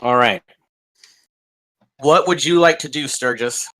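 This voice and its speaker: Easygoing male DM at mid pitch, narrating scenes and calling for saves. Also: a little slow, a little hiss or hum. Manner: casual, steady narration with game rulings. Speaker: dungeon master. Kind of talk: running a tabletop game over a call.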